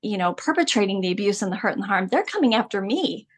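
A middle-aged woman speaks as a podcast guest, telling her own story in candid, emphatic terms. Her voice sits in a middle pitch range, and she laughs often as she talks. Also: very animated, fast talker. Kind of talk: personal storytelling interview.

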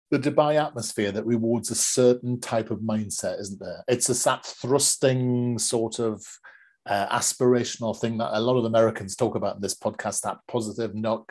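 A man hosting a podcast, talking in a measured, reflective way with frequent fillers as he introduces and questions a guest. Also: mid-range voice, a little mellow. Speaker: podcast host. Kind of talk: conversational interview.

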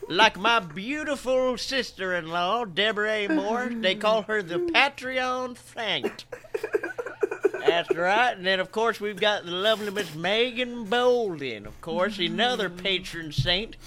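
A man voicing a folksy country fisherman who gives a drawling, showman-like sales pitch. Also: lively intonation, unhurried, a crowd in the background.

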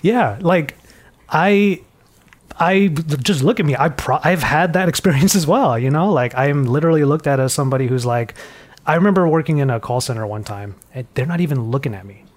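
Casual american guy on a headset, talking lively and laughing a bit. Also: a little high, fairly quick. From United States. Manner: animated, laughing asides. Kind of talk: casual conversation.

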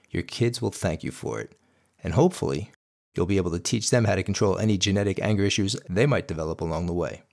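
A man's voice: on the low side, creaky. Blunt, emphatic podcast host, a man. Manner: blunt and emphatic, with crude language. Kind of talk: scripted podcast monologue.

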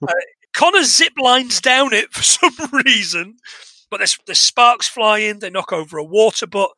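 Bright, high-voiced English man recapping a film. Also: measured pace, no room sound, poor audio. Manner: chatty, animated retelling with laughs and swearing. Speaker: podcast co-host. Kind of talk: casual film recap chat.

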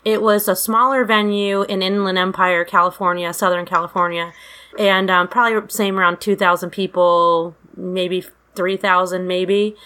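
A middle-aged woman casually telling a profane, animated story about a fight at a concert. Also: lowish voice, normal speed. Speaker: guest storyteller.

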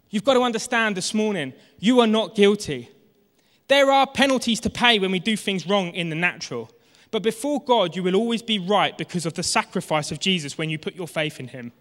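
A fervent preacher in his thirties delivers a sermon in a high, bright voice. He drops to near-hushed tones, then climbs to shouting. The sound carries the long reverb of a large hall. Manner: impassioned, swings from hushed to shouting. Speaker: pastor.

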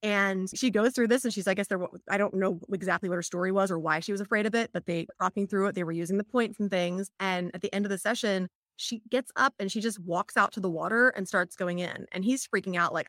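In a clean, dry studio recording, a middle-aged EFT practitioner talks in a chatty, explanatory way, weaving in stories and plenty of "like" fillers. She speaks fairly quickly at a medium pitch, and her tone is fairly bright.

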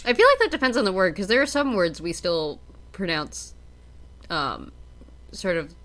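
A woman's voice: fairly low pitch, sing-song, moderate pace, a bit bright. A woman from Canada co-hosting a podcast in casual chat, giggling often and restarting her sentences. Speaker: podcast co-host.

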